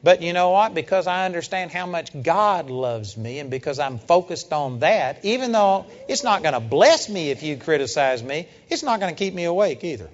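A man preaching a sermon, emphatic, building up to loud rhetorical questions. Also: on the high side, sing-song, moderate pace, hardly any pauses. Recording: dull lo-fi sound with long hall reverb.

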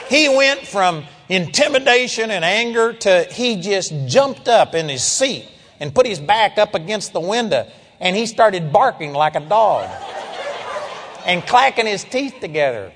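A man preaching, telling a story in an animated, emphatic way and calling out amen. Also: high-pitched, moderate pace, big-room sound, a crowd in the background, noisy background. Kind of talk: storytelling sermon.

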